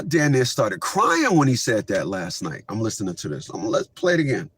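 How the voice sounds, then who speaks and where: A man hosting a commentary show, reacting to clips in a casual, animated rant. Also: fairly low pitch, moderate pace, hardly any pauses, a little hiss or hum. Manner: animated, rising to shouts when worked up.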